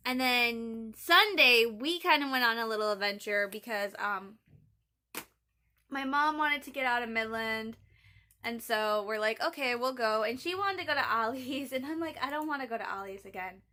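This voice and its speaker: A woman's voice: on the high side, moderate pace, bright, forceful tone. A young woman in a casual diary vlog, rambling and chatty as she retells conversations. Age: young adult. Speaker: college student vlogger.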